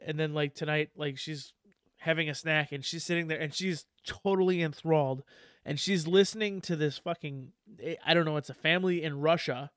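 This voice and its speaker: Guy, 30s, casual podcast talker, slightly high smooth voice, dry room, easy laughs. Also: steady tone, fairly quick, a bit bright, no echo. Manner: loose, laughing, swears freely. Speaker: podcast guest. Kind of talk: casual chat.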